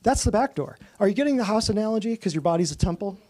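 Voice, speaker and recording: A man with a high voice and a dark, mellow tone gives a lively, very fast talk, constantly putting questions to his listeners. He's a natural health practitioner teaching a class to a small live audience in an office room, animated and joking and laughing as he goes.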